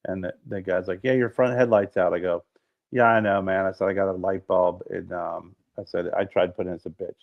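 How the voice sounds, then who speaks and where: Gravelly animated man, lo-fi sound. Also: sits low, brisk. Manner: animated storyteller, swears freely. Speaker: podcast co-host. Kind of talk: casual chat. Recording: dull lo-fi sound.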